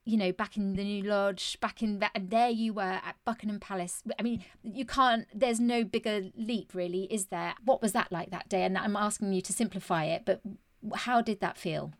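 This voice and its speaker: A woman's voice: medium pitch, moderate pace, no echo, studio quality. A woman hosting an interview podcast, asking long, meandering questions in a chatty way. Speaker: podcast host. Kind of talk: casual interview.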